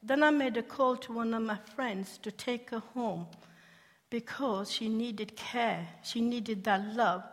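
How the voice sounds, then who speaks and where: A woman telling her conversion-mission testimony as a sermon, animated and laughing often, asking her listeners questions. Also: on the high side, unhurried. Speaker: speaker sharing a testimony. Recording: long hall reverb.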